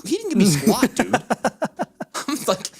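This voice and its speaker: A man co-hosting a casual fantasy football livestream, reading chat aloud in an animated, excitable way. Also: high voice, creaky, breathy edge. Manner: animated and excitable, quick to vent frustration.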